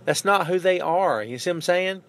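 A man with a slightly higher voice holds forth in an opinionated, animated monologue. He speaks casually and keeps turning to the listener with "man" and "you know what I'm saying." His delivery is relaxed, conversational podcast talk. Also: normal speed. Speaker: podcast host. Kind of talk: casual wrestling commentary.

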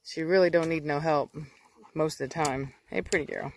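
A woman hosting a casual dog vlog outdoors. She explains training in a chatty way and switches to coaxing baby talk and sharp commands for her dogs. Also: sits low, steady tone, moderate pace, slight background noise. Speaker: dog breeder and channel host.

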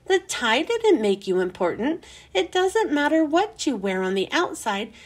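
Reader as gentle teacher, measured and reassuring, storybook. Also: female voice, sits high, very animated. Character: calm grown-up woman teacher.

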